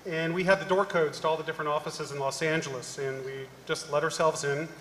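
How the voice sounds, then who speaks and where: A middle-aged man on a conference panel, telling an animated story and acting out the people in it. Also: a little high, fairly quick, slight background noise. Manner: animated anecdote-telling, acting out quoted voices. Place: large conference hall. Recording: echoey hall, live panel mic.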